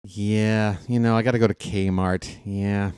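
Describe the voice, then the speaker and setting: A low, muttered monotone for a flat, routine-bound grown man, as a man puts him on. Every line comes out quietly on one even note. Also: a little slow, smooth, no room sound, clean studio sound, natural voice.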